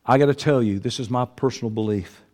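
A man preaching a sermon, folksy and emphatic, swinging from loud shouting to a quiet, breaking voice. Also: medium pitch, fast. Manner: folksy, emphatic, reads scripture aloud. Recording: long reverb of a large hall.

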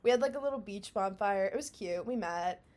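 A woman's voice: mid-range voice, brisk, a little mellow. A young woman from Canada co-hosting a casual podcast. She talks in a chatty, self-mocking way and often laughs at herself. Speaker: podcast co-host. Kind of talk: casual chat.

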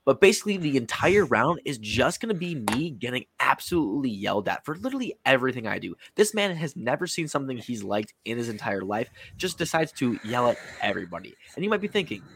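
A man talking loudly and playfully in casual podcast banter, laughing along. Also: mid-range voice, very animated, quick pace, hardly any pauses, a little hiss or hum. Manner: loud, playful, laughing through his picks.

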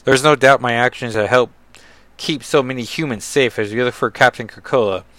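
A man's voice: medium pitch, moderate pace, sharp tone, no room sound, natural voice. Man voicing an earnest young heroine writing home; plain, dry read.

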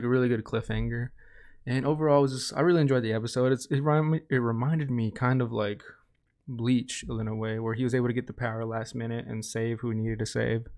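Flat-toned man recapping an anime episode. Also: medium pitch, clean tone, dry recording, clean studio sound. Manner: rambling, many restarts and fillers. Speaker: anime reviewer.

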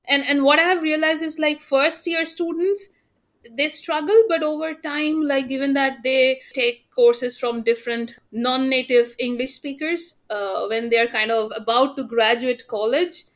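High-voiced woman telling stories. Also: fairly even intonation, unhurried. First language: Bengali. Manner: storytelling, quotes others in asides. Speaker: podcast guest, university teacher. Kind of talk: casual podcast chat.

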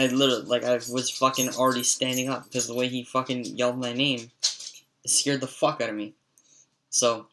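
A young man tells a loose, swearing-laced story straight to camera, his voice raspy and stuffy. His tone is bright and forward, sitting at a middle pitch. He rambles with lots of casual fillers. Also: a little hiss or hum. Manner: rambling, profane, frequent "like" fillers.

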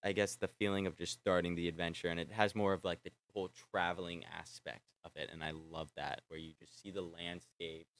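A young man vlogging in a casual, rambling way, excitable and swearing freely as he trails off and restarts his sentences. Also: deep voice, fairly quick, hardly any pauses. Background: faint film score playing.

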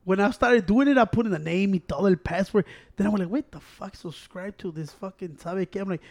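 Dude, talks real fast, animated, cussing and switching languages. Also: high voice. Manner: animated, mixes Spanish into English, heavy swearing. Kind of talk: casual storytelling chat. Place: Chicago.

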